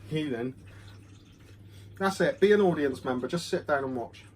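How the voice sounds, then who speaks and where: A man's voice: on the high side, normal speed, a little mellow, slight background noise. A man giving a casual, rambling whisky review at home. He is self-deprecating and fills his talk with ums, recorded on a phone. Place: home room. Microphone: phone camera.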